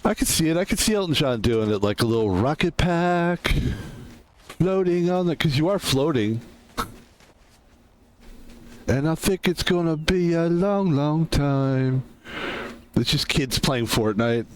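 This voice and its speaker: While playing a game, a man rambles casually through his commentary, tossing in jokey asides and laughing. His voice sits in the mid range, and there's a little hiss or hum on the recording.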